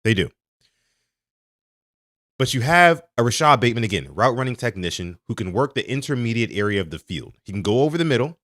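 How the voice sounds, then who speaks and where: A man hosting a sports podcast, talking to his live chat in an animated way and stressing key words. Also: medium pitch, fairly quick, no echo, studio quality. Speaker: podcast host.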